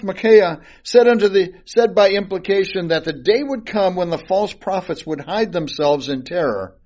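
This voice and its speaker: A man's voice: fairly high pitch, a little mellow. A man giving an informal Bible study sermon, reading old scripture aloud and then explaining it casually with fillers and restarts. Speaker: Bible teacher. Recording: dull lo-fi recording.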